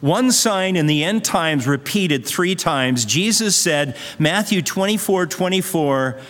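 A man's voice: high-pitched, lively intonation, slow, few pauses, a bit bright. A male pastor preaching a sermon in a conversational, earnest way, weaving in a story. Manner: conversational, earnest, uses fillers. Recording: long hall reverb.

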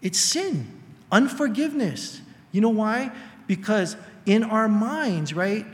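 An older male pastor preaching an animated sermon, jumping into high strained voices to act out quoted people. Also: slow pace, long reverb tail.

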